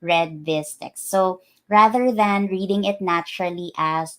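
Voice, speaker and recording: Presenting her research in a lecture, an academic woman explains carefully, using frequent ums and uhs. Her fairly low voice is unhurried and a bit bright.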